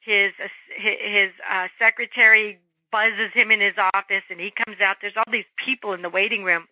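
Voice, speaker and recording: A middle-aged woman, an interview guest, telling a story in an animated way and acting out the voices of the people in it. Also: medium pitch, moderate pace, dry recording. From Germany. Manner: animated, acts out quoted voices. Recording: dull lo-fi phone-line sound.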